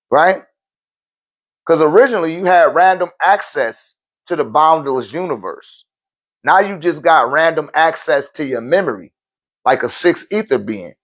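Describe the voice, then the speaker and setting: A man teaching on a live-stream Q&A in loose, slangy talk, often checking in with his listeners. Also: a little high. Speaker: spiritual teacher answering viewer questions.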